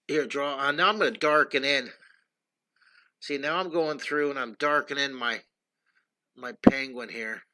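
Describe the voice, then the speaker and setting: An older man teaches drawing on a casual livestream, talking in a chatty and enthusiastic way and calling out to his viewers as he sketches. His voice is very bright, sitting a bit high for a man. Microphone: computer streaming setup.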